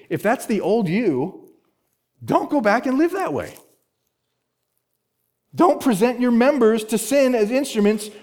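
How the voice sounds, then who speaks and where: A man's voice: on the high side, a little mellow. A male pastor preaching an expository sermon, emphatic, repeating key words and asking rhetorical questions.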